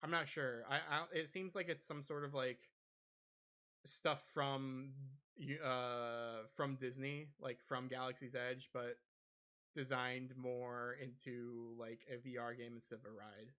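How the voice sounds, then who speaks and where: A man's voice: medium pitch, little pitch movement, measured pace, sharp tone. A man co-hosting a gaming podcast, chatting casually with lots of fillers and restarts. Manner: rambling, many fillers and restarts. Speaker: podcast co-host. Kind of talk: casual chat.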